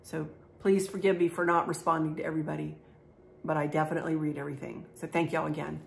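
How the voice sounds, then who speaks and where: Gravelly-voiced folksy woman vlogging. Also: low-pitched, flat delivery, fast. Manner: gushing, folksy, repeats herself. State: teary, emotional. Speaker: craft and home decor vlogger. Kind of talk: chatty home vlog.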